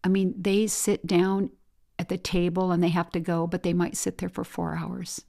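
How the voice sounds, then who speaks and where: Casting: middle-aged Midwestern American woman, warm storyteller type, low-pitched, lively anecdotes. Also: normal speed, creaky. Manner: chatty storyteller, acts out quoted voices, laughs often. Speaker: bed and breakfast owner, guest. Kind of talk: casual interview chat.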